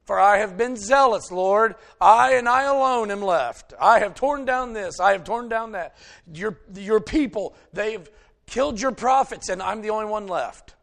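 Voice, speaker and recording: A preacher voicing a distraught, self-pitying male prophet who pleads loudly. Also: high-pitched, measured pace, creaky, pitched above the performer's own voice, heavily acted. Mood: pleading. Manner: pleading, loud, insistent.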